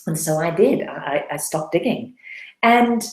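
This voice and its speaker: A woman's voice: fairly low pitch, lively intonation, unhurried, roomy sound, poor audio. A woman coach giving a webinar talk, telling her own story in an earnest, personal way. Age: adult, past her late twenties. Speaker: debt-freedom coach.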